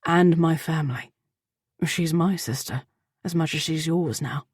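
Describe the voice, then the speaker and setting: A woman voicing a gruff but tender barbarian man, speaking in a low, roughened, earnest way. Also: measured pace, darkish tone, no room sound, studio quality.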